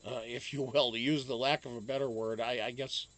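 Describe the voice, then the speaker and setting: A man's voice: medium pitch, fairly even intonation, fairly quick, fairly bright tone, poor audio. A man hosting a casual live stream, rambling and joking, swearing now and then and answering chat by name.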